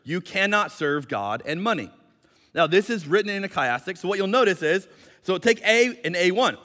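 A man's voice: high-pitched, animated, moderate pace, pushed and bright, long reverb tail. A male pastor preaching a sermon in a conversational, explanatory way with light jokes, speaking in a church sanctuary.

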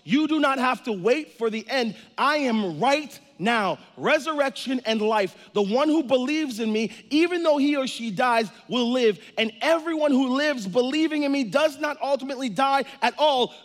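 Male pastor, high voice, preaching in a big hall with long reverb; loud and quiet passages alternate. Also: animated, normal speed, few pauses. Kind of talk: sermon.

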